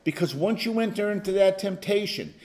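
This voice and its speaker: An animated, emphatic male pastor runs an interactive Bible study, at moments exploding into loud exclamations. He speaks in a high voice at a fairly quick pace.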